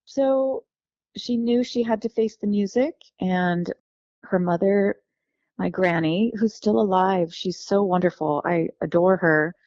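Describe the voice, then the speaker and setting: A woman from California, a guest telling her life story in a lively, warm way, acting out the voices of the people she quotes. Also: medium pitch, measured pace, dry recording, lo-fi sound.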